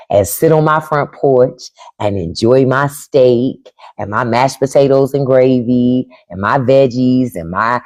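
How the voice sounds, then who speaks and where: A woman's voice: very deep voice, darkish tone. A woman hosting a live stream, giving blunt, profane commentary and talking straight to her chat by name. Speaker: podcast host on a live stream.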